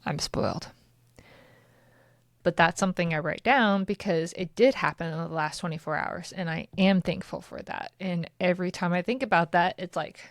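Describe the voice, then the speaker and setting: Woman podcast host in her thirties, frank and chatty, fairly low voice, dry close sound. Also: dry recording. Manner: candid and chatty, with swearing and laughter. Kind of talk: casual solo podcast talk.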